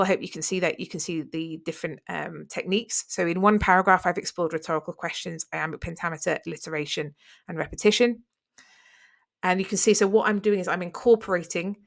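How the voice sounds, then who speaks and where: A woman teaching an exam revision lesson, explaining step by step in an encouraging way. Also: fairly low pitch. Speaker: English teacher.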